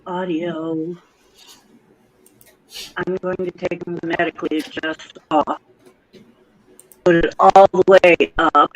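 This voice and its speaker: Slow-talking, flustered live-stream host. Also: medium pitch, little pitch movement, dull audio. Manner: flustered, thinking aloud while fiddling with settings. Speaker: podcast host. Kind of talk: casual live-stream tech troubleshooting. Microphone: video call.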